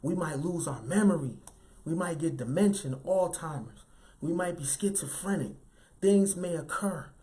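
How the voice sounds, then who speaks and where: A man giving an animated, emphatic motivational talk in a light, youthful voice, often tagging lines with "right?". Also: fairly high pitch, normal speed. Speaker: motivational speaker.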